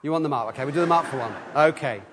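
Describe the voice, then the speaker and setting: Lively man leading a church children's talk. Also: a little high, rapid-fire, slight background noise. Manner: lively, asks the room questions and leads call-and-response. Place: church hall. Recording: long hall reverb.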